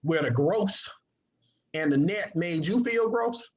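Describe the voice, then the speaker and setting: A man giving an energetic sales presentation, drawing call-and-response from his audience. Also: sits high, takes it slowly. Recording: dull lo-fi recording.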